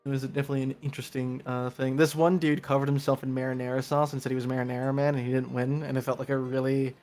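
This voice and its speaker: A man's voice: medium pitch, quick pace, soft background music. Tired young man from New Jersey. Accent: New York. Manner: rambling, animated when telling stories. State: tired from little sleep. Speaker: guest player. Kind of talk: casual chat.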